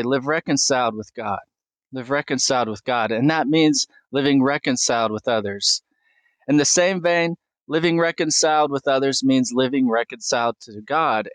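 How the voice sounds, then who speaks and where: A man's voice: mid-range voice, fairly bright tone, no echo. A man preaching a sermon, earnestly asking questions and reading scripture aloud with small stumbles.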